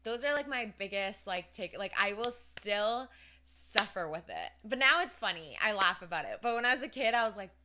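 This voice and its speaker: A woman co-hosting a casual podcast, telling stories in an animated way and laughing at herself. She speaks with an Indian-tinged English accent. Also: mid-range voice, normal speed. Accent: Indian English with a mixed British edge. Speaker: podcast co-host. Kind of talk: casual chat, storytelling.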